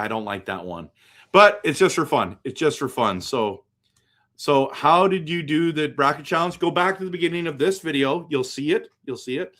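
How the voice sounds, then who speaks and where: A man from western Canada hosts a loose, chatty hockey live stream. He thinks out loud, second-guesses himself and replies to viewer comments. His voice sits at an ordinary, middle pitch. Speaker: hockey livestream host. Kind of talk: casual live-stream chat.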